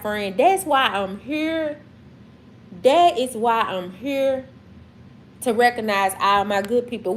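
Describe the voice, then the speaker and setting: A woman's voice: a little high, a bit bright, a little hiss or hum. A woman from Mississippi with a Southern accent, talking casually and emphatically to her livestream chat, repeating herself for effect. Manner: preachy, repetitive, emphatic. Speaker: livestream host.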